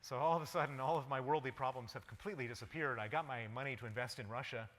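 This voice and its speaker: A man's voice: mid-range voice, quick pace, a bit bright. A man giving a public lecture, recounting a personal story vividly in the present tense. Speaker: guest lecturer. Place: lecture hall. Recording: long reverb of a lecture hall.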